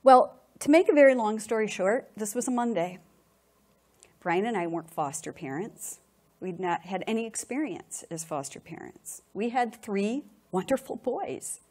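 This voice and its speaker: With animation and feeling, a middle-aged woman shares her personal testimony in front of an audience, and she often repeats words when moved. She speaks at a medium pitch and moderate pace.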